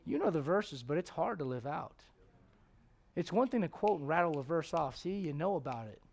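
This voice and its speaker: A middle-aged man preaching a sermon as pastor, animated, swinging from loud exclamations to hushed tones and acting out voices in his stories. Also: a little high, moderate pace, vocal fry. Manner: acts out voices in his stories, chuckles often.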